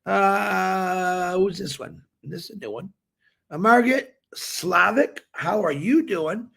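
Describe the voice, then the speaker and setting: A man's voice: high-pitched, lively intonation, slow pace, creaky, pushed and bright, slightly rough. A man hosting a daily live stream, greeting viewers by name and chatting in an upbeat, rambling way.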